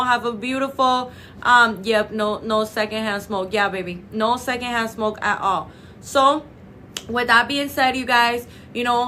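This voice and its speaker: A young woman chats on a live stream from a clinic office, her voice bright and a little high. She gushes over her viewers, calling them babe, girl and love. A faint hiss sits under the phone recording. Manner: gushing, affectionate, calls viewers babe and girl. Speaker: clinic livestream host. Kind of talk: chatty live stream talk.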